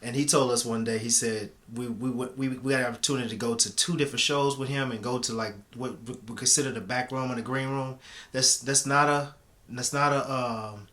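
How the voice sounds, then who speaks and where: A man co-hosting an interview in casual chat, halting and repeating words. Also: mid-range voice, fairly even intonation, sharp tone. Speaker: interview co-host.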